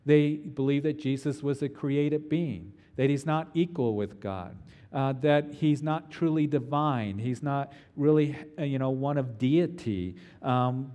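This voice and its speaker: A man's voice: mid-range voice, warm tone, long reverb tail. A middle-aged man preaching an expository sermon as a pastor, earnest and emphatic, often restarting his phrases as he teaches.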